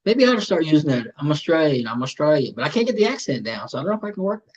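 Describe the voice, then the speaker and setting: Playful joking male host, lively pitch. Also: racing, husky, dull audio. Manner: playful, joking, repeats words. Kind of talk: casual interview chat.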